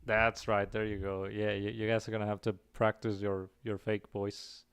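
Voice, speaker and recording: A man hosting a casual stream chat, joking and laughing often, with halting restarts. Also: lowish voice, little pitch movement, fairly bright tone, clean tone. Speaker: stream host.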